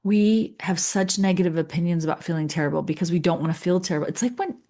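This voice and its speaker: A middle-aged woman with a slightly low voice, giving a coaching session. She talks in an earnest, chatty way and slips into the voices of her clients as she goes. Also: quick pace, warm tone. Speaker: leadership coach.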